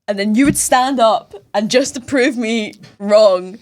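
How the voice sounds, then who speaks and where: A woman's voice: medium pitch, normal speed, few pauses, darkish tone. A woman co-hosting a podcast in casual chat, teasing her friends and correcting them with dry wit. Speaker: podcast co-host.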